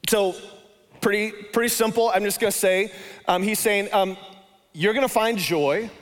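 A man's voice: sits high, moderate pace, big-room sound. A man preaching a sermon, talking casually and with emphasis and repeating his phrases. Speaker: pastor.

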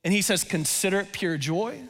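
A male pastor preaching a sermon, telling stories in an animated way and laughing at himself. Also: sits high, brisk, long reverb tail.

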